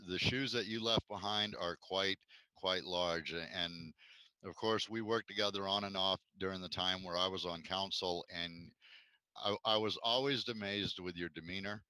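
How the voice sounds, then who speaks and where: A man's voice: low-pitched, pushed and bright, smooth, no room sound, low-quality recording. A man on a commission giving joking, self-deprecating thanks in a meeting. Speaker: commission member. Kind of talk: meeting tribute remarks. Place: video call.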